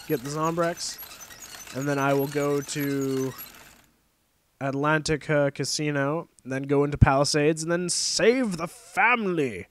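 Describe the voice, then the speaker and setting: A young man talks through a video game in a loose, rambling way, cursing offhandedly and grumbling at the game's quirks. His voice sits at an ordinary male pitch. A faint noise runs under the recording. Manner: rambling, swears casually, easily annoyed. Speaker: gameplay commentator. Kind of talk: casual let's-play commentary.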